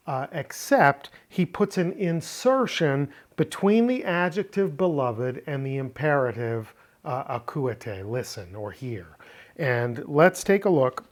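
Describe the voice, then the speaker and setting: A man teaching a recorded lesson with slides, explaining step by step in a deliberate way. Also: medium pitch. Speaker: Greek teacher.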